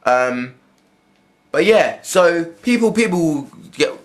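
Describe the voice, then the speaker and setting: A man's voice: a little high, lively intonation, slow pace. A young man, talking in a blunt, rambling vlog monologue full of swearing and restarts. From England. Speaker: vlogger. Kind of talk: casual spoken monologue.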